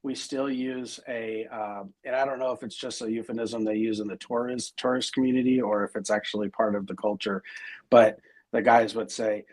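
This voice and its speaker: A man's voice: fairly low pitch, little pitch movement, normal speed, a little mellow. A middle-aged man as interview guest, talking casually and rambling with many fillers and restarts.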